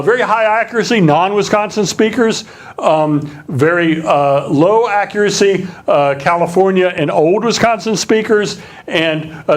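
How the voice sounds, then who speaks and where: Professor lecturing with a slight Southern lilt. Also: male voice, fairly high pitch. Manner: conversational, many fillers and restarts. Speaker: linguistics professor giving a public lecture. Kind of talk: public lecture.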